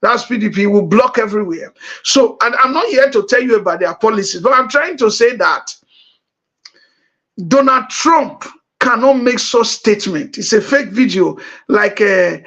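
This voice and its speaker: A middle-aged man with a Nigerian accent hosting a talk show, explaining politics and repeating points slowly. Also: sits high, fairly bright tone. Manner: many uh fillers, emphatic. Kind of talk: political commentary monologue.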